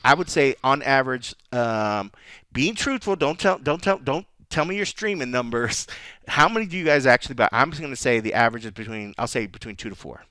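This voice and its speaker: A man's voice: mid-range voice, animated, a little fast, bright, forceful tone, dry recording. A man co-hosting a podcast, talking casually in rambling sentences and laughing often. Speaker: podcast co-host. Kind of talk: casual chat.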